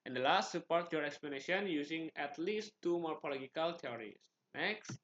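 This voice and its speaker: Slightly high Indonesian-accented man reading slides. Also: animated, moderate pace, fairly bright tone, lo-fi sound, a little hiss or hum. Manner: reads slide items in short clipped phrases, with restarts. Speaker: student presenter.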